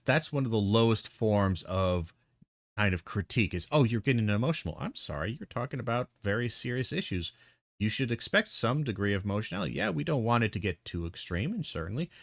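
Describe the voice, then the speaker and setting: A lower-voiced man delivers exasperated reaction commentary, full of sarcasm and casual swearing. His voice sits close and dry on the mic, with no room around it. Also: fairly bright tone, no room sound. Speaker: video reviewer.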